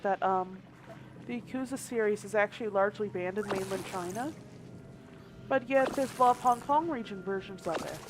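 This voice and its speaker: Woman streamer rambling over game music. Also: on the high side. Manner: rambling, hedging, thinking aloud. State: hiccuping. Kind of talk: casual live-stream chat.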